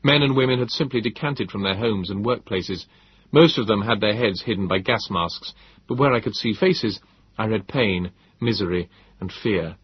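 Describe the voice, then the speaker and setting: A man narrates a novel in a calm, measured, descriptive manner. His low voice is very husky and breathy. The recording sounds dull and muffled. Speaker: audiobook narrator. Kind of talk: scripted narration.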